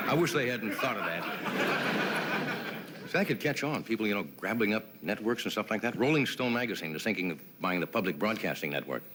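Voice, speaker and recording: A man's voice: on the low side, lively intonation, moderate pace, pauses often, background noise. A man hosting a late-night talk show, delivering a comedy monologue with wry jokes and chatty asides to his sidekick in a TV studio. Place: TV studio with live audience.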